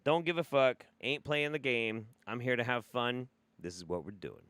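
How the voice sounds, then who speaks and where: A man's voice: mid-range voice, moderate pace, a bit bright, clean tone, dry recording. A man hosting a live stream, commenting on a clip in a sarcastic, mocking way and swearing freely. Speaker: streamer host reacting to a video.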